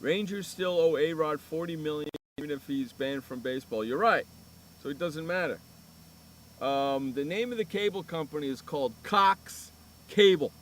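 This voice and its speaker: A man's voice: a little high, moderate pace, fairly bright tone, a little hiss or hum. A man hosting a sports radio show, telling a profane, ranting story in casual chat.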